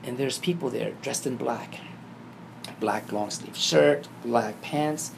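Gravelly man telling a story. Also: slow. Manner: animated, acts out scenes, rising pitch when excited. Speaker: guest telling a dream story. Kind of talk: casual storytelling. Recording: noisy background ambience.

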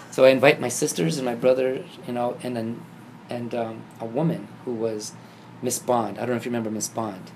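Gravelly man telling a lively story. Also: mid-range voice, brisk, slight background noise. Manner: animated, acts out quoted dialogue. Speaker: guest telling his story. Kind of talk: casual storytelling.

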